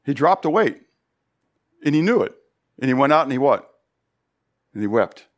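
A pastor preaching a Bible study sermon, animated, full of rhetorical questions. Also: male voice, medium pitch, normal speed.

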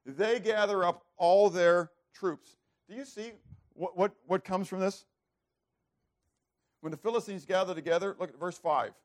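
A man's voice: sits high, measured pace. A man preaching a sermon who keeps asking the listeners questions and answering them himself, often repeating words as he starts over. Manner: animated, asks rhetorical questions and answers them. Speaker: preacher teaching a Bible passage.

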